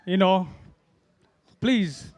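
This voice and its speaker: With a high voice and drawn-out words, a middle-aged man from Hawaii works through a loose open-mic stand-up set. This amateur comic rambles, runs himself down for laughs, and fills gaps with fillers.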